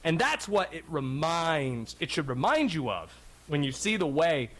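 Animated, wry sports radio host man. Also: on the high side, a little slow. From North Carolina. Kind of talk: talk radio monologue.

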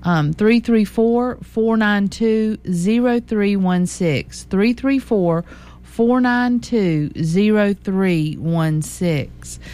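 A woman with a Southern US accent, co-hosting local radio, chatting casually and then slowly reading classified listings and phone numbers. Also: mid-range voice, warm tone. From American South.

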